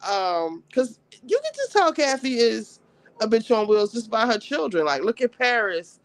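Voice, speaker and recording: A woman's voice: a little high, very animated, moderate pace, dry recording. A woman panelist in a casual gossip chat, blunt and swearing as she retells reality-show drama. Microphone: remote call.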